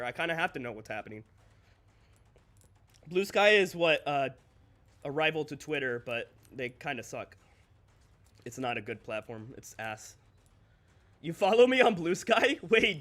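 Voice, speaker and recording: High, bright-voiced male streamer ranting. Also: very animated. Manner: candid, ranting, swears freely, quick laughs. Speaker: streamer and content creator. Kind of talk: casual livestream chat.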